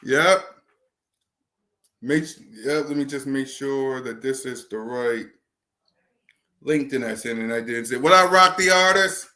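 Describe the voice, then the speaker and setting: Male stream host, bright and upbeat, shouting out chat names, slightly winded. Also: medium pitch, fairly even intonation, a little slow, pauses often. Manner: hypes viewers, shouts out names. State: out of breath. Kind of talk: casual livestream chat.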